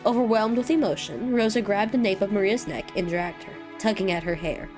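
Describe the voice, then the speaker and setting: A young woman reads a visual novel aloud for a let's-play, with a mid-pitched voice. She breaks off to react loudly between lines. Faint music plays behind her. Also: fairly quick.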